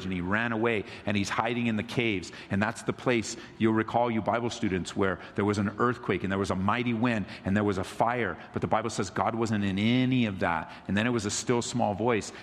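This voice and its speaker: Man, pastor, sermon, lively storytelling, echoey hall. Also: lowish voice. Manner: animated storytelling, acts out quotes, laughs.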